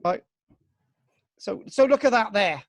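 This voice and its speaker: A man from Britain teaching archaeology to young students over a video call, excitable and jokey, mock-exasperated, tagging "right?" onto his sentences. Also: high voice, measured pace, no echo. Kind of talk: live online class.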